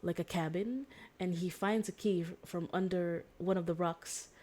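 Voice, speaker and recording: Rambling woman streamer with a low voice. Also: fairly even intonation, moderate pace, mellow. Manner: rambling, filler-heavy, self-correcting. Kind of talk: casual chat retelling a story.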